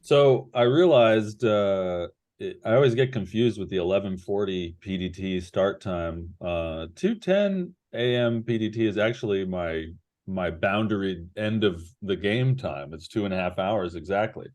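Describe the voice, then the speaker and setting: A man's voice: on the low side, measured pace. Laid-back man running a tabletop game. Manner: relaxed, rambling with many fillers. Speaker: game master. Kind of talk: narrating a tabletop game online.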